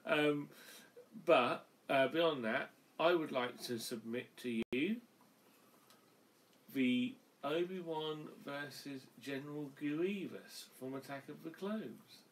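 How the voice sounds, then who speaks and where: A man's voice: fairly high pitch, slow pace. Man, tipsy co-host, jokey, short quips, distant mic, faint hiss. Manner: short interjections, joking. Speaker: podcast co-host. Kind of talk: casual drunk chat.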